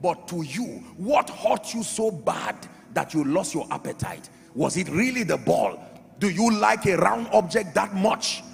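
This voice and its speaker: A man preaching a sermon as pastor, emphatic, swinging from loud shouts to quiet drops. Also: high-pitched, lively intonation, measured pace, creaky. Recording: reverberant hall with faint music.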